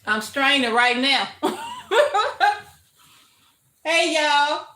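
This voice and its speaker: Speaking in a high, bright voice at an unhurried pace, an older woman runs an expressive, chatty homestead livestream. She warmly welcomes viewers and laughs frequently during the casual talk. Her kitchen adds a ringing echo.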